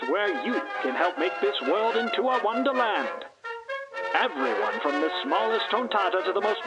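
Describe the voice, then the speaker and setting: A man voicing a smooth male ad announcer who gives a glossy, upbeat sales pitch for a paradise kingdom. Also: highs cut off. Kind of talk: mock radio advertisement. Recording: voice over loud music bed.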